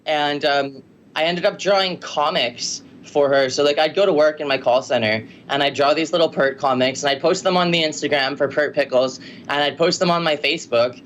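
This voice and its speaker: An excitable man from Canada tells a story over a video call, laughing often and sprinkling his talk with fillers. His voice sits a little high for a man. A faint hum of room noise runs underneath. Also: fairly quick. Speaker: podcast guest, musician.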